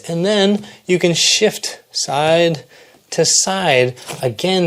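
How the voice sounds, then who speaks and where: A man teaching a home exercise tutorial, calm and encouraging, explaining movements step by step while demonstrating them. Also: on the high side. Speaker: fitness instructor.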